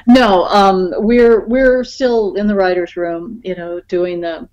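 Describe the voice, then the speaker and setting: A woman's voice: mid-range voice, steady tone, takes it slowly, dull audio, crowd noise. A woman guest screenwriter talking casually in a podcast interview, chatty, with many fillers and easy laughs. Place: in Los Angeles.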